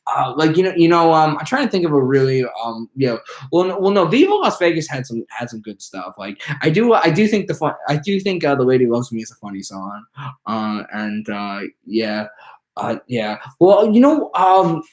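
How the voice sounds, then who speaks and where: A man's voice: mid-range voice, sing-song, normal speed. A man hosting his own live stream, chatting casually and rambling, with many fillers and restarts. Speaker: channel host.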